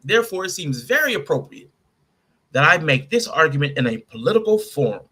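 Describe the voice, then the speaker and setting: A man's voice: a little high, sing-song, fairly quick, sharp tone, husky. A man hosting a podcast, breaking down a statement line by line in casual commentary. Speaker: podcast host.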